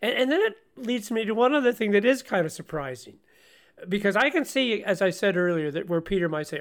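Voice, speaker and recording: A man co-hosting a Bible-study radio show, teaching in an animated way with frequent laughs and stumbling restarts. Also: high voice, a little fast.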